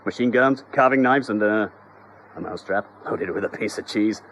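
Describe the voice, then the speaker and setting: A man narrating a children's story in a scripted, expressive, comic storytelling manner. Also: lowish voice, moderate pace, dull audio.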